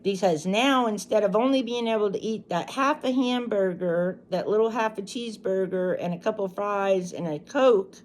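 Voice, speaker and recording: A woman's voice: medium pitch, moderate pace, hardly any pauses, a little hiss or hum. A middle-aged woman casually telling a personal story to her viewers, rambling and restarting as she goes. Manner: chatty, rambling, lots of restarts and asides. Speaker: channel host.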